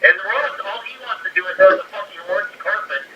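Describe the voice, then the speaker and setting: A man's voice: high voice, expressive, quick pace, a crowd in the background. A man hosting a casual sports podcast, talking bluntly and swearing. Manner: blunt, profane. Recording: distant, dull, faint hiss.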